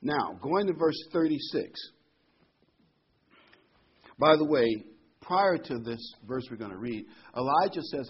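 A man teaching a Bible study in a casual, storytelling way, jumping up in pitch when he quotes people. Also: animated, unhurried, long pauses, breathy edge. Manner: conversational, storytelling, jumps to a higher pitch for quoted voices. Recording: dull lo-fi sound.

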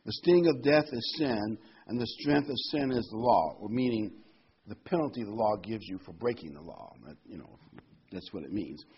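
A man's voice: on the low side, expressive, normal speed, slightly rough. A man preaching a sermon and reading scripture aloud, talking in a conversational way that rises to emphatic when he quotes the verses. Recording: dull lo-fi recording.

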